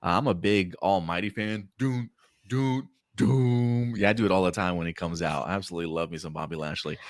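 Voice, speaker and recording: A man's voice: deep voice, level tone, fast talker, no room sound, clean studio sound. A man hosting a casual prediction podcast, talking in a laid-back, rambling way with many fillers. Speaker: podcast host. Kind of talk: casual chat.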